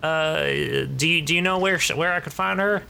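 A jittery teenage messenger with a Southern drawl, as a man puts him on, stammering through every sentence in a high, strained voice for a tabletop game. He sounds hesitant and unsure. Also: fairly even intonation, brisk, gravelly, pushed and bright, slight background noise, exaggerated voice. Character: nervous young teen messenger, Southern drawl.

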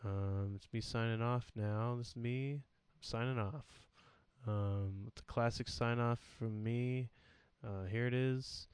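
A man's voice: mid-range voice, steady tone, slow, darkish tone, clean tone, no room sound. A young man hosting a podcast, rambling through a goofy, self-deprecating solo sign-off in casual chat. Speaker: podcast host.

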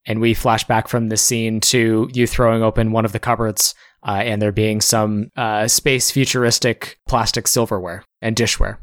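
A man running a tabletop game as game master, narrating scenes in a measured way with small pauses and restarts. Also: on the low side, level tone, fairly bright tone, no echo, clean studio sound.

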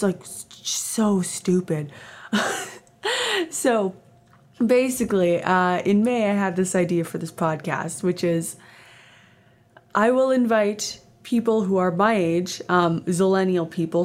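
A Canadian woman in her twenties hosts a casual solo podcast, chatting and rambling with lots of fillers and self-deprecating asides. Her voice is medium-pitched and a little mellow.

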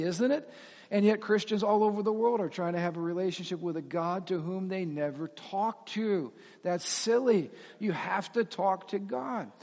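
High-voiced pastor preaching in an echoing church. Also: male voice. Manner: animated, asks congregation questions, laughs at himself. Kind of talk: sermon. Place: church sanctuary with reverb. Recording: long hall reverb.

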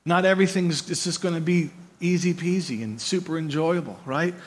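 Man, pastor, conversational sermon, higher voice, animated, repeats words, keeps asking right. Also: a little fast. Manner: animated, often checks in with "right?"; repeats words while building a point.

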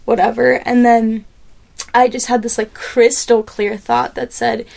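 A woman guest telling a lively personal story in a podcast interview, with lots of fillers and acted-out quotes. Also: a little high, a little slow, creaky. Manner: animated storyteller, many fillers and quoted asides.

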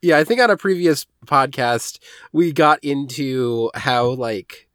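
A laid-back man co-hosting a casual podcast, adding his remarks in a relaxed way. His voice is recorded dry and close, with no room sound. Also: medium pitch, slow pace, clean tone, no echo. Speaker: podcast co-host. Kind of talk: casual chat.

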